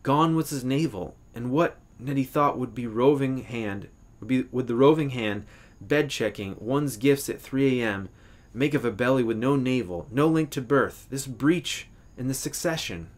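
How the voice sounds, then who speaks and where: A male English professor reads a literary short story aloud. His delivery is measured and expressive, with a few small self-corrections along the way. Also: mid-range voice.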